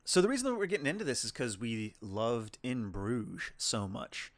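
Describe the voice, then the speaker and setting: A man's voice: medium pitch, animated, moderate pace, dry recording. Guy rambling through a movie recap, restarts a lot, dead dry mic. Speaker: podcast co-host. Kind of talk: casual film review chat.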